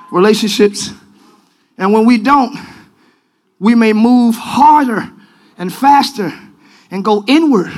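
Man, pastor, live sermon, very high voice, bright, shouting, music and congregation behind. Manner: preaching with shouted call-and-response. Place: large church.

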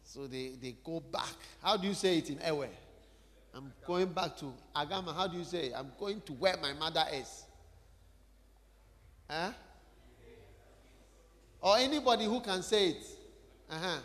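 A man's voice: on the high side, unhurried, pauses often, fairly bright tone. A man preaching a sermon, talking conversationally and putting questions directly to the congregation in a church hall.

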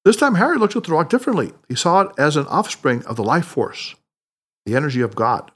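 A male narrator reading an audiobook with expressive storytelling. His pitch runs slightly high and moves in lively, animated swings. The delivery is scripted and even-paced. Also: fairly quick, slightly rough.

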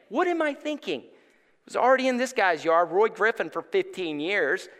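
A male pastor preaching a sermon in a church sanctuary on a stage microphone, telling stories with animated delivery that rises to near-shouts. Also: sits high, normal speed. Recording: long church hall reverb.

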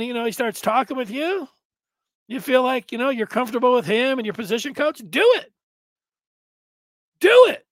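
Animated high-voiced male sports talk host. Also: no echo. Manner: rambling, animated, with sudden loud bursts. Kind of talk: casual sports talk monologue.

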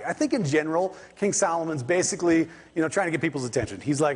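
Storytelling preacher man, husky voice. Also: a little high, quick pace, hardly any pauses. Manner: conversational, animated storytelling with quoted voices. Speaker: pastor. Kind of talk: sermon with storytelling. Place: church sanctuary. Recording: long church reverb.

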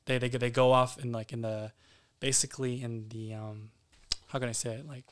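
Smooth-voiced man talking candidly. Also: mid-range voice, flat delivery, moderate pace. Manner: candid, casually profane. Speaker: guest actor. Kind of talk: casual podcast interview.

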